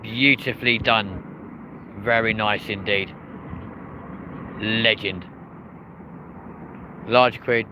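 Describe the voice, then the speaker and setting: Chatty man over loud wind. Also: on the low side, fairly even intonation, extremely slow, long pauses. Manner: chatty, cheers planes on, reads out viewer chat. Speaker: live stream host. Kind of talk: live plane-spotting commentary. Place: outdoors by an airport runway. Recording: loud wind and traffic noise.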